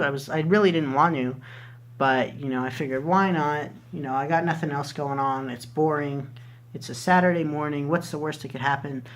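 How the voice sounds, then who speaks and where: A man's voice: on the high side, fairly bright tone. Young male vlogger, casual storyteller, loose and profane delivery. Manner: rambling, swears freely, many fillers.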